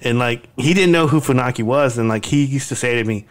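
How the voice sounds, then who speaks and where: A man's voice: medium pitch, fast. A man co-hosting a podcast in casual chat, telling stories in a hesitant, rambling way. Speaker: podcast co-host.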